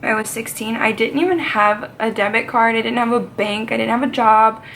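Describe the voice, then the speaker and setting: A woman's voice: on the high side, steady tone, moderate pace, fairly bright tone, a little hiss or hum. A young woman vlogger telling a dramatic personal story in a chatty, casual way. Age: young adult. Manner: chatty, dramatic, swears and laughs often.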